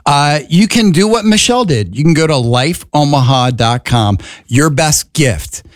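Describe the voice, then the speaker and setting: A man's voice: a little high, animated, normal speed, dry recording. A man co-hosting a radio fundraising drive, upbeat and teasing, often laughing, in a studio. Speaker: radio co-host.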